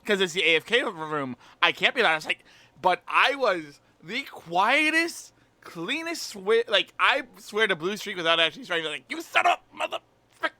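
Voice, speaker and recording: A man's voice: high voice, very animated, moderate pace, bright, forceful tone, no room sound. A man in casual chat at a tabletop game, telling a rambling story with restarts.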